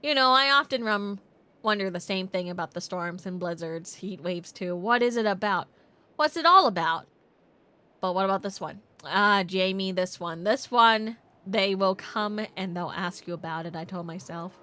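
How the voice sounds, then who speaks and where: A woman voicing a formal, rambling small-town tourism officer in a video game, speaking slowly and low. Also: pushed and bright, clean tone, lightly acted. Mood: pompous. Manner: formal, slow and long-winded.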